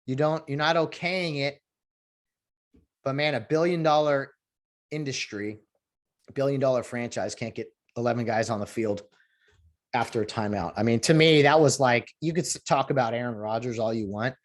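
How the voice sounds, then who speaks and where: A man giving casual sports commentary in an animated, ranting way, with many fillers and restarts. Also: medium pitch, moderate pace.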